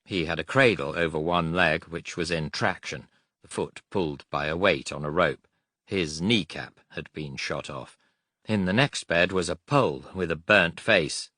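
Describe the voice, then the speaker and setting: Deep male audiobook reader, bright crisp tone, dry close sound, steady pace. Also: no room sound. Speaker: audiobook narrator. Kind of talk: scripted audiobook narration.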